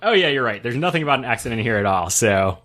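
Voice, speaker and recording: A man's voice: mid-range voice, sing-song, quick pace, a bit bright. A man from Louisiana co-hosting a casual podcast, dry and playful. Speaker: podcast co-host. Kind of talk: casual chat.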